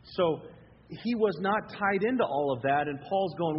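Guy preaching in church, kinda high voice, keeps hammering words and getting the crowd to answer, dull muffled recording with faint hiss. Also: animated, measured pace. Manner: emphatic, repeats key words, asks the congregation to answer back. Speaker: pastor. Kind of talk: expository sermon. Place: church sanctuary. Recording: reverberant hall, dull lo-fi sound, faint noise.

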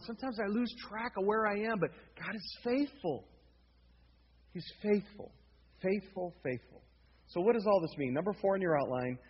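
A man preaching an expository sermon as pastor, emphatic, repeating key words and prompting the congregation to answer back. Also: on the high side. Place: church sanctuary. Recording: reverberant hall, dull lo-fi sound, faint noise.

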